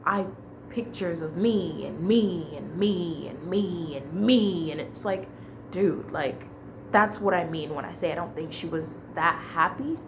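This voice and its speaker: A woman's voice: on the low side, measured pace, a little hiss or hum. A woman telling a long personal story in a casual, rambling way, with fillers and restarts.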